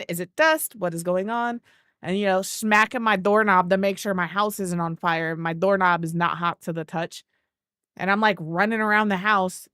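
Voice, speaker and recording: A woman streamer talks casually and rambles through stories, greeting chat by name mid-sentence. Her voice sits at an ordinary middle pitch and sounds dry and close, with no room around it. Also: a bit bright, no echo. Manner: rambling, chatty storytelling. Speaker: game streamer.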